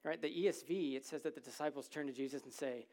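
A man's voice: a little high, quick pace, darkish tone. A man preaching a sermon to a congregation in a church, in a conversational, humorous way, often checking in with "right?".

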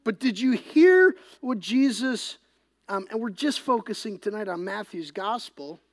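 A pastor preaching an impassioned sermon, swinging between loud emphasis and hushed, whispered passages. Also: mid-range voice, expressive, a little slow.

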